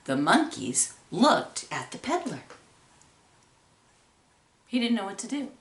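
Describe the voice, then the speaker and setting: A woman reading a children's story aloud in an expressive, drawn-out way, recorded in an echoey room. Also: medium pitch, distant mic. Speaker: storybook reader.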